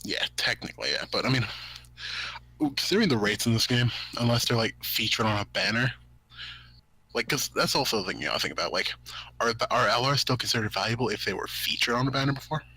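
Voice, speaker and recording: Husky young man with a strained voice. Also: medium pitch, animated, fast, pushed and bright, no room sound, low-quality recording. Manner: jokey, quips and laughs. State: strained voice after a voice crack. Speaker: podcast co-host. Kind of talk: casual gaming podcast chat.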